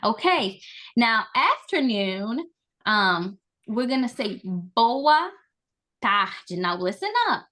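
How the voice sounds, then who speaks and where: A woman's voice: a little high, big pitch swings, slow pace, sharp tone. Upbeat woman teaching a class. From Brazil, Amazonas. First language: Portuguese. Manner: upbeat, encouraging, chatty. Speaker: language and culture trainer. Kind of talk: online language lesson with call-and-repeat drills. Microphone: video call.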